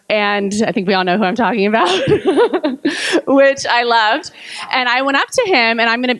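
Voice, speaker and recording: A woman's voice: medium pitch, fairly bright tone, no echo. A woman at a conference speaking candidly and earnestly about her table's discussion, often laughing. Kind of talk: candid public remarks. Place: conference room.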